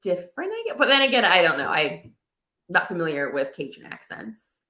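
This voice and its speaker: A woman's voice: lowish voice, big pitch swings, fairly quick, pushed and bright. A woman chatting casually, asking questions and laughing along. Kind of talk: casual chat.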